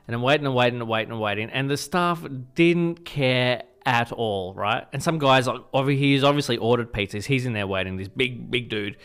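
A man's voice: medium pitch, moderate pace, hardly any pauses, fairly bright tone, clear, resonant tone. An Australian man hosting breakfast radio, chatting casually and telling a whinging, joking story.

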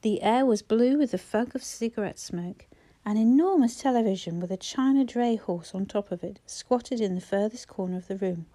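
A woman reading a novel aloud as audiobook narrator, steady and expressive. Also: mid-range voice, moderate pace, few pauses. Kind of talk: scripted narration.

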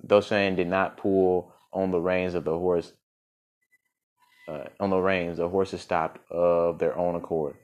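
A man's voice: sits low, little pitch movement, unhurried, a little mellow, highs cut off. A man reading a story aloud, stumbling over words and often restarting mid-phrase. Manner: stumbling reading with frequent restarts and self-corrections. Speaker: podcast storyteller.

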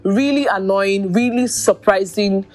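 A woman's voice: mid-range voice, a little slow, darkish tone. A woman hosting a podcast, giving exasperated, incredulous commentary on online drama and talking straight to her listeners. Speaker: podcast host. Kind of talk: commentary on social media drama.

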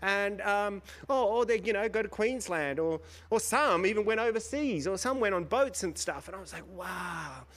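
A middle-aged Indian man, a panel guest on a stage before a live audience, tells his story animatedly, acting out the people in it and laughing often. His voice is high for a man, and he speaks at a moderate pace with hardly any pauses.

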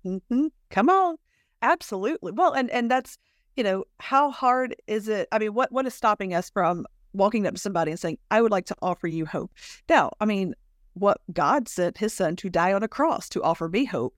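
A woman's voice: medium pitch, expressive, normal speed, dry recording, studio quality. A woman hosting a faith-centered chat, emphatic and affirming, asking rhetorical questions. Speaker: podcast host.

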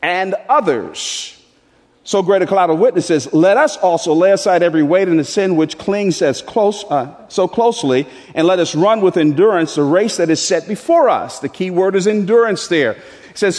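A man preaching a sermon as pastor, with emphatic delivery that leaps into high, animated voicing. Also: normal speed. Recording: echoey hall with long reverb.

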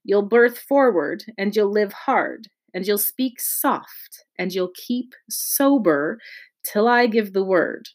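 A woman voicing a gruff, scheming male pirate cook who talks in rough sailor's slang. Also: mid-range voice, lively intonation, takes it slowly. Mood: scornful. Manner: coaxing, rough sailor's talk.

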